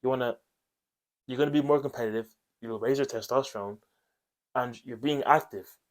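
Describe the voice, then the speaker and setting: A man's voice: medium pitch, normal speed. Blunt man coaching. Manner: blunt and coaching, with frequent "okay?" tags and casual swearing. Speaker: self-improvement video host. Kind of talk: direct-to-camera advice monologue.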